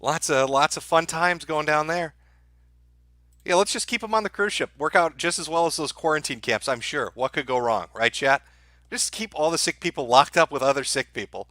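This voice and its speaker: A middle-aged man hosting a live stream, talking crudely and mockingly to his chat with deadpan asides. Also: fairly high pitch, brisk, dry recording. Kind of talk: sardonic live-stream commentary.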